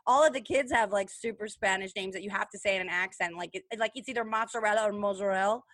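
A woman co-hosting a podcast in casual chat, excitable and rambling, full of fillers and playful imitations. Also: mid-range voice, quick pace, dry recording. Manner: excitable, lots of fillers, mimics voices. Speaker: podcast co-host.

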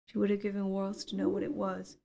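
A woman reading a literary novel aloud as an audiobook narrator, in a measured, even storytelling delivery. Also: medium pitch, creaky. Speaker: audiobook reader.

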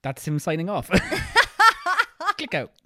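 A woman co-hosting a podcast, talking quickly and jokingly in casual chat. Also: medium pitch, wildly swooping pitch, sharp tone, no echo, studio quality. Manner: fast-talking, jokey, breaks into mock announcer voices. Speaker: podcast co-host.

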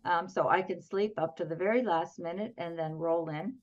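A woman's voice: on the low side, normal speed, lo-fi sound. A middle-aged woman from Pennsylvania, chatting with humor and frequent laughs as an interview guest over a video call. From southwestern Pennsylvania, US. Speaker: author and guest. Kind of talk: casual interview chat.

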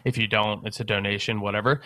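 A young man with a bright, forceful, somewhat low voice tells a story quickly as a guest, rambling loosely and packing it with swearing and filler words. His delivery is casual and animated, like friends chatting on a podcast.

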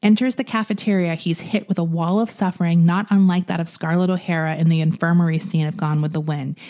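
A woman with a fairly low voice hosts a chatty podcast and walks a listener through a story she read. She talks it through plainly, with small hesitations and restarts. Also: fairly even intonation, quick pace, dark tone. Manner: retells a story from a book in a conversational, hesitant way. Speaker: podcast host. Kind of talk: casual storytelling chat.

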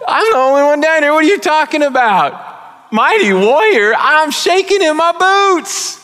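A frightened young man, as a preacher puts him on, squeaks in panicky disbelief, voice pushed far above normal. He sounds small and shaky. Long hall reverb rings behind him. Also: expressive, measured pace, pushed and bright, full character voice.

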